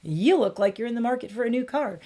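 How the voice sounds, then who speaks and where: A woman voicing a pushy male car salesman who fires off rapid, nosy sales questions. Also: a little high, animated, mellow.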